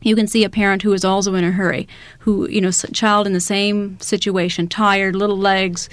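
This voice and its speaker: A woman's voice: mid-range voice, flat delivery, a little fast, no room sound. Woman explaining in a dry close sound. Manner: explanatory, with illustrative scenarios. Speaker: parenting educator.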